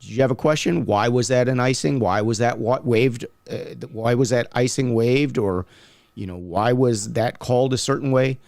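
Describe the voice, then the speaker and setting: Gravelly man giving casual referee advice. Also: mid-range voice, moderate pace, no echo. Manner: conversational, many fillers, animated when quoting people. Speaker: podcast co-host, hockey referee.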